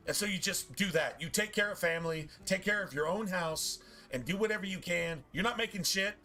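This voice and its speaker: A man's voice: sits high, pushed and bright. A man streaming a game and ranting casually, swearing often in a preachy, emphatic way. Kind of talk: casual rant while gaming.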